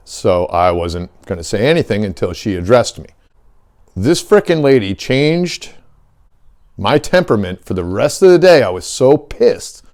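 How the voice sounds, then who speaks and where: A man's voice: on the low side, a little mellow. A middle-aged man hosting a fishing channel, talking in a heated, blunt and profane way in a casual rant. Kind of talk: casual ranting vlog.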